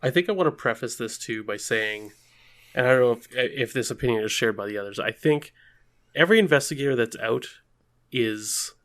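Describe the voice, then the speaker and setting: A man on a podcast leans hard on the words that matter and drops dry, self-mocking asides. His pitch sits in the middle of the usual range. The tone is casual and talky. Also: animated, a little fast, fairly bright tone. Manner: emphatic, self-ironic, stresses key words. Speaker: podcast co-host.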